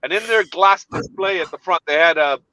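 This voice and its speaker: A man telling an animated story in a casual chat, laughing along as he goes. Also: sits high, brisk, low-quality recording.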